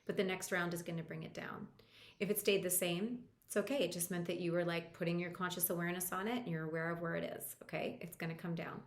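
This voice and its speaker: An EFT practitioner and coach with a lowish voice leads a guided tapping lesson at a fast pace, walking the listener through it step by step. She sounds calm and reassuring, and the audio has a roomy echo.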